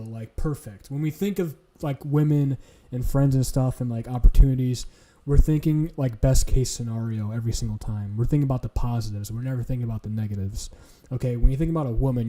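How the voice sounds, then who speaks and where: Man, streamer, very mellow dark voice, profane, blunt, lecturing rant. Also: mid-range voice, fairly even intonation, fairly quick, hardly any pauses. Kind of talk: casual ranting stream talk.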